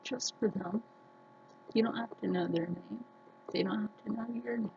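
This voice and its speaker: A woman vlogger talking earnestly to her viewers, telling personal stories slowly with many restarts. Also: mid-range voice, creaky, muffled recording, slight background noise. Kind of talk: casual personal talk to camera.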